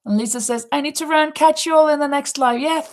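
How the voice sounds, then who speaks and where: High-voiced woman chatting while crocheting. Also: quick pace. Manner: sings along to an oldies song; muttering to herself while counting rounds. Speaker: livestream host. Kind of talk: casual chat while crocheting.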